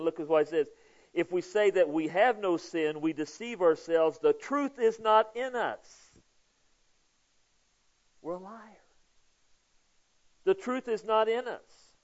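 A man preaching a sermon in a conversational way, often checking in with the congregation and swinging between loud emphasis and hushed, prayerful asides. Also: sits high, unhurried, long pauses, lo-fi sound. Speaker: pastor.

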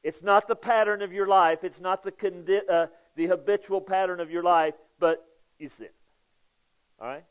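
A man's voice: sits high, steady tone, moderate pace. Lo-fi recording of a conversational preacher man. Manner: conversational preaching, with frequent "okay?" checks to the congregation; swings between loud emphasis and hushed prayer. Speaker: pastor. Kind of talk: sermon.

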